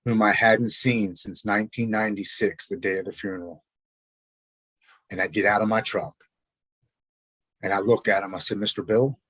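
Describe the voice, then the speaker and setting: Podcast guest, man in his forties, low voice, dry close sound, earnest and halting with many restarts. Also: fairly even intonation, a bit bright, husky, no room sound. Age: 40s. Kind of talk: personal recovery story in conversation. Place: Maryland.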